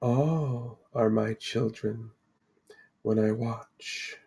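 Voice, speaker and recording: A man's voice: mid-range voice, steady tone, vocal fry, dark tone, breathy edge, full character voice. A man voicing a serene ancient spirit woman. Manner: slow, measured, solemn pronouncements. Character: serene ancient female fate spirit, calm and cryptic.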